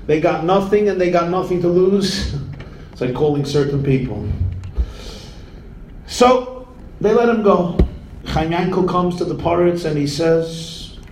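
Brief: lively male storyteller with a high voice, folk tale with Yiddish phrases, echoey room. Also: a little slow, long pauses, recorded from a distance, a little hiss or hum. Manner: animated and theatrical. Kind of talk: folk tale telling, sprinkled with Yiddish and Hebrew words.

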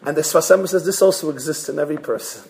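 A man, a rabbi, giving a sermon in an animated storytelling way, acting out voices and jokes along the way. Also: a little high, fast talker, vocal fry, a little hiss or hum. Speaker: rabbi giving a Torah class.

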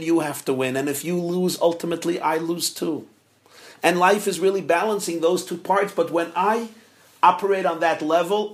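A man giving a storytelling sermon as a Torah teacher, acting out the characters' lines with rising shouts. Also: on the high side. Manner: animated, acts out quotes with rising shouts.

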